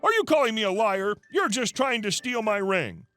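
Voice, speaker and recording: A man voicing a brazen, pushy woman customer who lies, in a high, excited, demanding tone. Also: normal speed, heavily acted. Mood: indignant.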